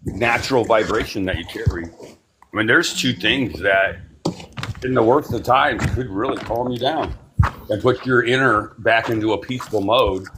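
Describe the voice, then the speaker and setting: A man leading a spiritual class, talking in a meandering, unhurried way with many fillers and giving slow, soothing breathing cues. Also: fairly low pitch, background noise. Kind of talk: guided breathing meditation class.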